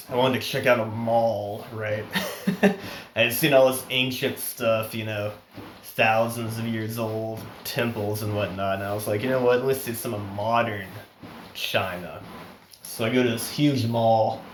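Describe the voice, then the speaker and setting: A man's voice: mid-range voice, a bit bright, a little hiss or hum. Guy rambling a story, laughs a lot, runny nose, echoey room. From United States. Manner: chuckles often, rambling with restarts. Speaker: vlogger. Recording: roomy echo.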